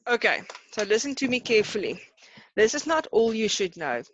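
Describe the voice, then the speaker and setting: A woman with a South African accent teaching an online class, chatty and brisk, hurrying her students along. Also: a little high, big pitch swings, background noise. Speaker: Afrikaans teacher.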